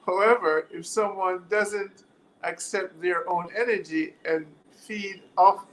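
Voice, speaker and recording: A man's voice: sits high, steady tone, slow, a bit bright, a little hiss or hum, rough recording. Laughing Jamaican man hosting a live stream. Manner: laughs often, talks to viewers, teacherly questions. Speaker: livestream host. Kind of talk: live-stream chat reading viewer comments.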